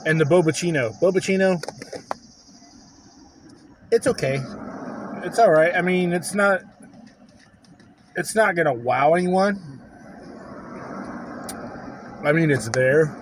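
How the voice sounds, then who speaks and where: Slow-talking man reviewing food. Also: on the high side, slight background noise. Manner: halting, many fillers and restarts.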